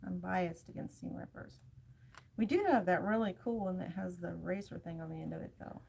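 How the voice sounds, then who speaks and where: A woman's voice: on the low side, fairly quick, gravelly, darkish tone, a little hiss or hum. A woman hosting a live sewing show, chatting casually and self-deprecatingly while she works. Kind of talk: casual live demo chat.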